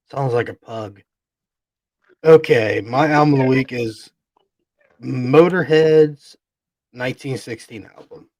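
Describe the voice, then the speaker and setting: A man's voice: medium pitch, slow pace, long pauses, a little mellow, no echo. A man co-hosting a casual podcast, bantering crudely and laughing. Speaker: podcast co-host.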